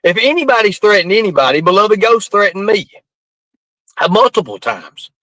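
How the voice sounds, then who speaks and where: A man's voice: high-pitched, very animated, normal speed, bright, forceful tone, no echo, low-quality recording. A man ranting defensively to his live-stream chat, swearing often and rambling from point to point. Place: outdoors at night in the rain.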